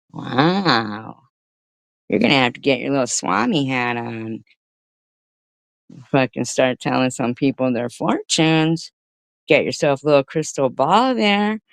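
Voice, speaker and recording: Middle-aged woman, gravelly and dry; a profane, mocking commentary host who rambles into chatty stories. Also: deep voice, dry recording. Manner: chatty storytelling. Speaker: live-stream commentary host. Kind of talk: ranting live-stream commentary.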